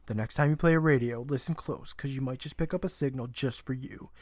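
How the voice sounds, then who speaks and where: A man reading as a hushed cocky teen storyteller. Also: mid-range voice, brisk, no echo, studio quality, close to an everyday voice.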